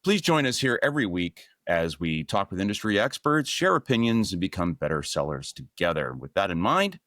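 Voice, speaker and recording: Low-voiced upbeat male podcast host. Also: sing-song, a little fast, a bit bright, dry recording, clean studio sound. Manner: upbeat, scripted intro then friendly chat. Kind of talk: podcast hosting.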